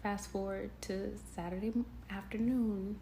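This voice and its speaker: A woman's voice: mid-range voice, fairly even intonation, moderate pace, mellow. A young woman hosting a podcast, telling a personal story in a candid, emotional way, laughing often and calling listeners y'all. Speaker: podcast host. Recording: echoey room, faint background noise.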